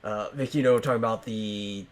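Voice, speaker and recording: Low-voiced man hosting a casual podcast. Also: fairly even intonation, brisk. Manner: rambling, lots of fillers and restarts. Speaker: podcast host.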